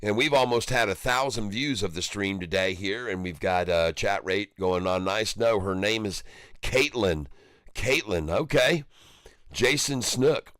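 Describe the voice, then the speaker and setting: A man's voice: on the low side, a little slow, fairly bright tone, dry recording, clean studio sound. A man hosting a casual livestream, chatting jovially with viewers and reading their comments aloud, laughing often. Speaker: stock market livestream host.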